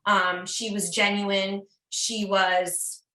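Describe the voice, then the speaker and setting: A middle-aged woman with a bright, clear voice tells her story as a breast cancer survivor. She speaks earnestly and reflectively, often pausing with "um". The room gives her voice a noticeable echo. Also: mid-range voice, flat delivery. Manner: earnest, reflective, frequent ums. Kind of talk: heartfelt personal account.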